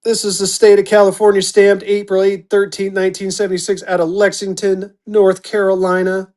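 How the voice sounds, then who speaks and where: A man running a live-stream auction, chatty and upbeat, slipping into a quick auctioneer chant, his voice going hoarse. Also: high voice, monotone, a little mellow. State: losing his voice.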